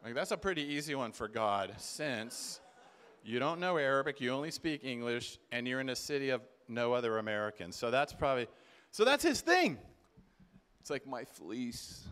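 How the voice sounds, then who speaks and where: A man giving a storytelling talk at a conference, animated and humorous, acting out the voices of people in his stories. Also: medium pitch, a little fast, clear, resonant tone. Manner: animated, acts out quoted voices, humorous asides. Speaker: conference speaker. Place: conference stage before a live audience.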